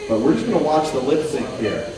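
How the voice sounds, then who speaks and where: A man's voice: medium pitch, expressive, brisk. A man leading a dubbing panel at a convention, chatty and joking as he directs volunteers from the audience. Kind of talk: casual convention panel talk. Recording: echoey room from far off, crowd noise. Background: audience murmur and laughter.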